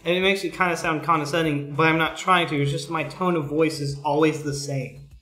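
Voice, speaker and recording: Monotone profane man on a stream. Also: fairly high pitch, fairly quick, roomy sound. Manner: blunt and profane, frequent throat clearing. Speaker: streamer, school IT worker. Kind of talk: casual chat on a livestream.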